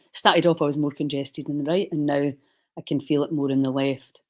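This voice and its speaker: A man's voice: fairly high pitch, steady tone, a little fast, poor audio. A man leading a guided breathing session on a live stream, chatty and reassuring as he coaches.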